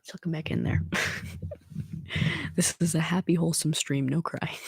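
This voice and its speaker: Young adult ASMR streamer: dark, husky, soft-spoken, whispery chat. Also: medium pitch, moderate pace, dry recording, studio quality. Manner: soft-spoken, drifting in and out of whispers, rambling and emotional. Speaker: ASMR livestreamer. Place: small room at home.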